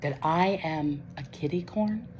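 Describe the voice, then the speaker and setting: A woman voicing a gentle grown male unicorn who speaks softly and confidingly. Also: low-pitched, unhurried, lo-fi sound, a little hiss or hum. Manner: soft and confiding.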